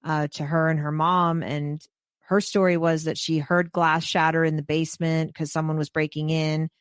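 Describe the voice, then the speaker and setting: Low-voiced woman, hesitant podcast host. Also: little pitch movement, normal speed, clean tone, no room sound, clean studio sound. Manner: thoughtful, hesitant, with many "um"s. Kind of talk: casual conversational questions.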